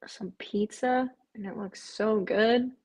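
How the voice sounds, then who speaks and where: A woman's voice: mid-range voice, fairly even intonation, slow, a little mellow, breathy edge. A woman hosting a live stream, chatting casually and answering viewer comments, with frequent "um" fillers and repeated phrases. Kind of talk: casual live watch-along chat.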